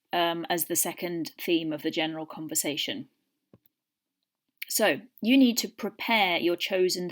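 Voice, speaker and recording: Chatty woman teacher explaining exams. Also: fairly low pitch. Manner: chatty, many fillers, models example answers. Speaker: language teacher. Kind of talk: recorded lesson for pupils.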